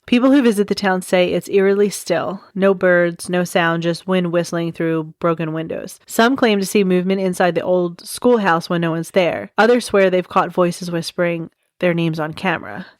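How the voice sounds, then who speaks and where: A woman's voice: on the low side, no room sound. Giggly chatty woman, dry close sound. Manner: chatty, giggly, tells stories with wry asides. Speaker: podcast host. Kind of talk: casual storytelling podcast.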